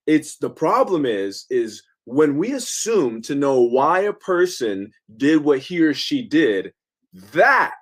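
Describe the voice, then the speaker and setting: A man who is a professor giving a lecture in an emphatic, conversational manner, often checking in with his listeners. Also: mid-range voice.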